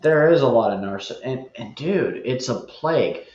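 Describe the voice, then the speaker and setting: A man's voice: mid-range voice, expressive, normal speed, a little mellow, roomy sound, lo-fi sound. A man chatting as a guest, talkative and wry as he explains his views. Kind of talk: casual chat.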